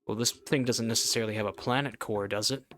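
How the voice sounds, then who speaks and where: A man's voice: on the low side, fairly even intonation, fast talker, a bit bright, a little hiss or hum. A man giving casual gameplay commentary as he plays, thinking aloud and rambling with lots of filler words. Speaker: let's play gamer.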